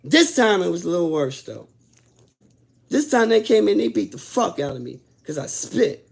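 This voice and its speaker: A man casually telling his own story in blunt, profane talk. He drops low and subdued, then climbs loud and worked up as he relives it. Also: very animated, normal speed, creaky, slightly rough. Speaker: host telling his own prison stories.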